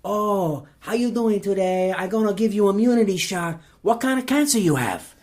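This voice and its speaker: Man voicing a small Filipino-accented nurse, high-pitched and flatly blunt, short broken lines. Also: normal speed. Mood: chirpy. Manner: grim, blunt, broken phrasing.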